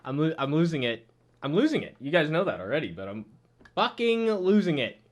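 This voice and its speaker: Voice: mid-range voice, very animated, fairly quick. Laughing, crude, mocking reaction reviewer. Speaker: video reviewer. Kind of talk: excited reaction commentary.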